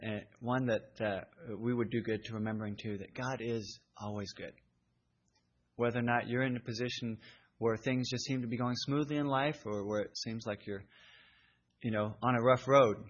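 A man preaching a sermon in an earnest, conversational way. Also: medium pitch. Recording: dull lo-fi recording.

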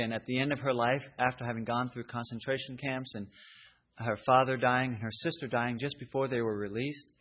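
A man's voice: mid-range voice, fairly bright tone. A man preaching a sermon in an earnest, conversational way. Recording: dull lo-fi recording.

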